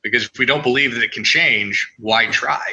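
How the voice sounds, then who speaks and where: Male podcast guest, bright edgy tone, lively and foul-mouthed. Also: mid-range voice, normal speed, muffled recording. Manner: animated, profane storytelling. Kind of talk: casual conversation.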